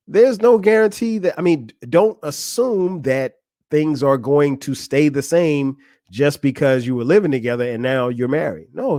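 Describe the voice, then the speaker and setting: A middle-aged man speaks in an easygoing solo podcast monologue, chuckling now and then and circling back over his own words. His voice sits at an ordinary male pitch. The sound is dry and close, with no room around it. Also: darkish tone, dry recording. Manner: conversational, laughs often, repeats and restarts. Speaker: podcast host. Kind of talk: casual monologue.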